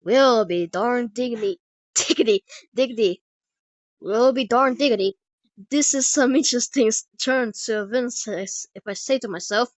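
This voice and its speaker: A woman's voice: fairly high pitch, normal speed, no room sound, natural voice. A woman voicing a brash, folksy cowboy sheriff with a put-on Texan accent, hollering and chuckling. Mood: rowdy. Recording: dull dry lo-fi recording.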